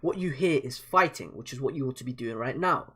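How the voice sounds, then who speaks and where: A man's voice: mid-range voice, lively intonation, brisk, fairly bright tone, slightly rough. A man voicing an impatient middle-aged male army commander who barks orders at his men. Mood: angry. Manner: barking orders, scornful.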